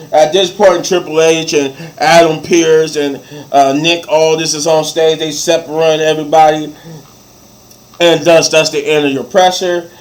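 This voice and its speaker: A man's voice: on the high side, low-quality recording. A man casually recapping a wrestling show, acting out quoted lines as he goes.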